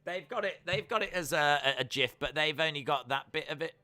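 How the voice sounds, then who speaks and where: A man's voice: fairly high pitch, a little fast, sharp tone, no room sound. A man chatting casually on a live reaction stream, repeating himself often as he talks. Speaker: streamer hosting a watch-along.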